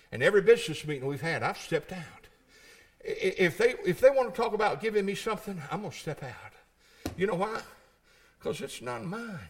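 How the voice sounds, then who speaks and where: A middle-aged male pastor preaching a sermon in a church, folksy, moving between quiet storytelling and shouted climaxes. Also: a little high, expressive, normal speed.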